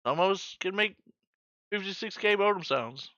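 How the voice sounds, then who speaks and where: A man's voice: sits high, lively intonation, moderate pace, sharp tone, no echo, dull audio. A man in his forties hosting a trivia night in casual chat, joking, swearing freely and making sound-effect noises. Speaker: trivia host.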